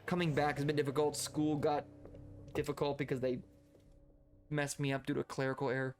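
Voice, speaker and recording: A man's voice: fairly high pitch, flat delivery, fairly quick, a little mellow. A man chatting casually while streaming a video game, laughing often and rambling into asides. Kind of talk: casual gameplay chat.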